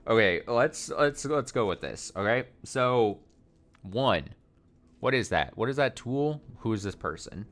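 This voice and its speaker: A man's voice: medium pitch, lively intonation, unhurried, fairly bright tone. A man giving casual gameplay commentary, thinking aloud, swearing casually and poking fun at himself. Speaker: let's play streamer.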